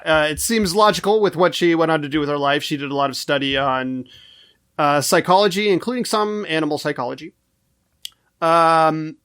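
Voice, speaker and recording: High-voiced wry podcast co-host man. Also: fairly bright tone. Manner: wry, joking delivery while reading out research. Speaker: co-host presenting the history segment. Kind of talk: casual podcast chat.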